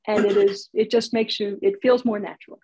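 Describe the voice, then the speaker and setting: A woman's voice: mid-range voice, steady tone, brisk, darkish tone, breathy edge, low-quality recording. A woman teaching comedy writing in a casual online workshop, chatty and laughing at her own examples, heard over a video call.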